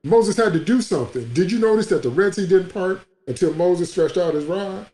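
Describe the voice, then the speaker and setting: A man's voice: high-pitched, a little fast, dark tone, reverberant. A man preaching a sermon as a pastor, emphatic and repetitive, in a livestream broadcast.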